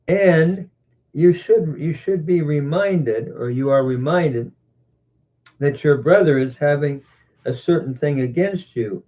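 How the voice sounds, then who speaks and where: Guy going over bible grammar real slow, lots of uhs and restarts, kinda muffled audio. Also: on the high side. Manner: slow, deliberate, with frequent pauses and self-corrections. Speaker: Bible teacher. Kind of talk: scholarly scripture reading with grammar commentary. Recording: muffled lo-fi recording.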